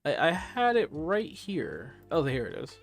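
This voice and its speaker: A man's voice: a little high, wildly swooping pitch, unhurried, vocal fry, faint music behind. A man hosting a live stream, chatting candidly and in a subdued way as he reacts to news and to his chat.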